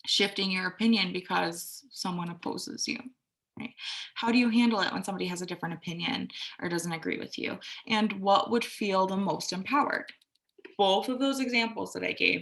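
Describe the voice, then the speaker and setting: A woman's voice: medium pitch, moderate pace, creaky, fairly bright tone. A young adult woman giving a reflective, casual self-care talk, candid and conversational, who swears now and then and acts out quoted voices. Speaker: astrology and self-care podcaster.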